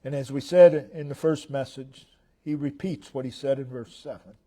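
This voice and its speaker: An American man preaches a sermon slowly and emphatically, repeating short phrases and swinging between loud declarations and hushed tones. His voice is medium-pitched with fairly even intonation.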